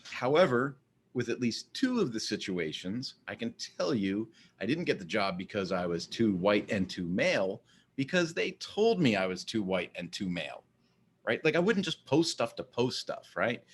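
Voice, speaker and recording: A man's voice: on the low side, big pitch swings, moderate pace, a little hiss or hum. A man in a casual monologue, rambling and often repeating words as he starts a sentence. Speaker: vlogger.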